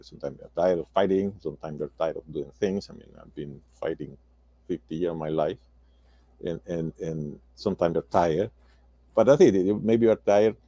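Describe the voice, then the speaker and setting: Gravelly older man, halting non-native English. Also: deep voice, dark tone, dry recording, studio quality. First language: Spanish. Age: 60s. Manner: halting, repeats words, non-native phrasing. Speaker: roundtable guest. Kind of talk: casual discussion.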